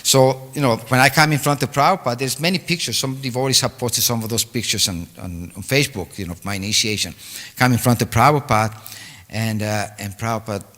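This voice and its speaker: An older man tells a long personal story at a temple gathering, pausing and restarting with many fillers. His voice is bright and forceful, at a middle pitch. The sound rings on in a large reverberant hall. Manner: halting, with frequent fillers and restarts. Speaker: devotee giving a homage talk. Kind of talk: storytelling reminiscence.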